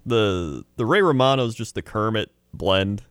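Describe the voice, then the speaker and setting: Laid-back man with a lively voice. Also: lowish voice, a little slow, clean tone, dry recording, clean studio sound. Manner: laughs often, slips into silly impressions. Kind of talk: casual chat.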